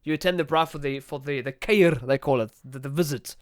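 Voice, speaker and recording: A South African man hosts a laid-back podcast chat. His voice is smooth and a touch high, recorded close and dry. He rambles cheerfully, swears freely and laughs at his own asides. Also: a little fast, no room sound. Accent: South African English. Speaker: podcast host.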